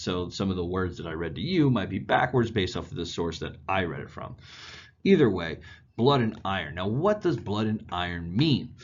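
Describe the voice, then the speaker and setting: A man's voice: sits low, dull audio. A male history teacher giving a casual, chatty classroom lecture. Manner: casual, chatty, animated storytelling.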